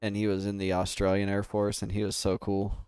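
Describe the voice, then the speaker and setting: American man, low voice, dry close sound, rambling stream chat. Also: completely flat delivery, brisk, a little mellow, smooth, no echo. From United States. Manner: rambling, chatty, answers chat with laughs. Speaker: livestreamer. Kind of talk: casual gaming stream chat.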